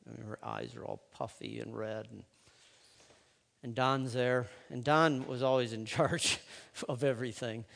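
A man telling a personal story, speaking haltingly with fillers and restarts. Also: medium pitch, lively intonation, creaky, fairly bright tone. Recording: long hall reverb.

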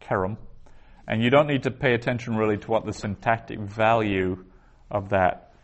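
A man with a fairly low voice gives a patient classroom lecture. He explains step by step and sounds out each Hebrew word slowly and carefully. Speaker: Biblical Hebrew teacher.

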